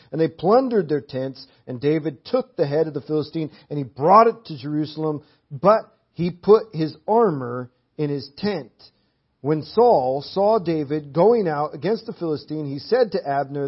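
A man with a high, husky voice preaches in church, a little hoarse and clearing his throat. He builds earnest emphasis through repeated rhetorical questions. The dull, lo-fi recording takes the edge off his voice. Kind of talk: sermon with Bible reading. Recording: dull lo-fi audio.

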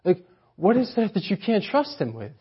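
A man preaches a conversational sermon in a chapel, his fairly high voice a little husky. He peppers his talk with "like," going quiet and awed before rising to loud, punchy emphasis. The recording is muffled and lo-fi. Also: very animated, normal speed. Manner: chatty, says "like" often, swings between hushed awe and loud emphasis. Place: church chapel.

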